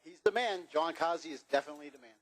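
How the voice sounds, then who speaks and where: A racing team man from Long Island answers an announcer's questions in quick, clipped bursts, his voice a touch high. He's blunt and jokey, speaking outdoors at a drag strip. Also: fairly bright tone. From Long Island, New York. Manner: quick, blunt, joking replies.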